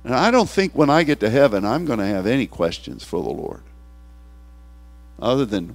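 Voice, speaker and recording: A man's voice: mid-range voice, normal speed. Tearful male pastor preaching with mains hum. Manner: animated, acts out quoted voices, laughs between lines. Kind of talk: sermon.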